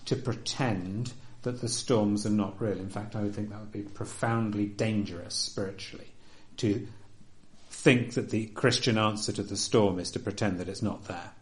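A man preaching a sermon, earnest and emphatic, often dropping to a soft, quiet delivery. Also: fairly low pitch, fairly even intonation, normal speed.

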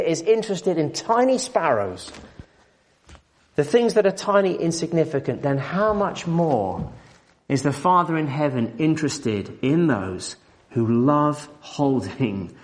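A man's voice: fairly high pitch, lively intonation, unhurried. A man preaching an expository sermon, emphatic and full of rhetorical questions, building up and dropping back in volume.

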